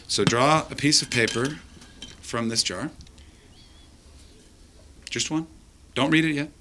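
A man's voice: medium pitch, takes it slowly, background noise. A man hosting a live comedy podcast, joking crudely and teasing the audience. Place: live show venue with an audience.

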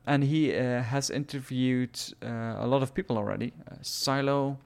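A man's voice: medium pitch, steady tone, moderate pace, gravelly, darkish tone. A man co-hosting a podcast, chatting casually and hesitantly during a game session. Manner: hesitant, lots of uh fillers, laughs easily. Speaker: podcast co-host. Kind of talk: casual chat while gaming.

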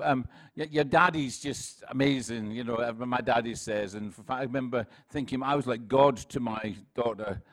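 A Scottish man in his sixties, a pastor preaching a relaxed sermon full of jokes, stories and quick restarts. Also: medium pitch. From Scotland. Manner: chatty, self-deprecating, with frequent laughs and restarts. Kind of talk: sermon with humorous anecdotes.

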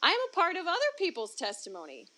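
A woman's voice: very high-pitched, huge pitch swings, quick pace, bright, forceful tone. A woman sharing her personal testimony as an interview guest, talking candidly and expressively, her voice leaping up for emphasis and breaking into laughs between points. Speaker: interview guest, ministry founder.

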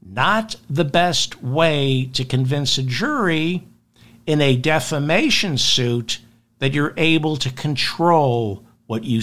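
Animated male political news commentator. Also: mid-range voice. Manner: animated, acts out quoted lines in altered voices; emphatic, repeats points for effect.

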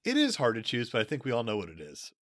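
A man's voice: mid-range voice, wildly swooping pitch, fast, fairly bright tone, no room sound, clean studio sound. A man co-hosting a podcast, casual and sarcastic, laughing often and sounding a little tipsy. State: slightly tipsy. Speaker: podcast co-host. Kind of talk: casual comedic chat.

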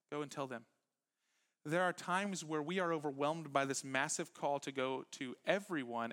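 Conversational pastor preaching warmly. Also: male voice, fairly high pitch. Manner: conversational preaching that moves between quiet, intimate lines and animated bursts. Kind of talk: sermon. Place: church sanctuary with live congregation.

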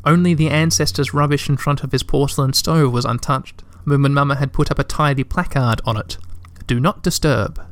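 A man narrating a storybook aloud in a calm, even storytelling manner. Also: mid-range voice, fairly quick, hardly any pauses, dry recording.

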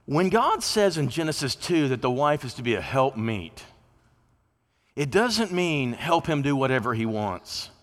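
A man's voice: medium pitch, very animated, a little slow, a bit bright. A man preaching a sermon from a church pulpit in a folksy, conversational way, sometimes acting out the voices of people he quotes. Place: church sanctuary. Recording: long reverb of a church hall.

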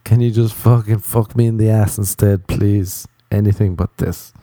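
A man's voice: fairly low pitch, fairly even intonation, normal speed, mellow, no room sound. A young man hosting a solo podcast, telling rambling stories full of swearing and acting out other people's lines. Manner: swearing, storytelling, acts out other voices. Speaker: podcast host. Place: Los Angeles.

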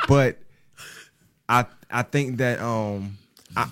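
A man's voice: medium pitch, background noise. A man from New York co-hosting a casual podcast. He talks in a playful way and often repeats words as he starts a thought. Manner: fast, playful, stammering repeats. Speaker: podcast co-host. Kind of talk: casual chat.

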